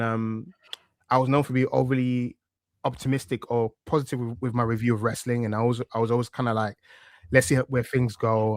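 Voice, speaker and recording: In a casual interview, this wrestling media presenter from East London, England, a man in his thirties with a heavy local accent, talks in a relaxed, reflective way full of fillers and restarts. His voice is mid-range, recorded at studio quality with no echo.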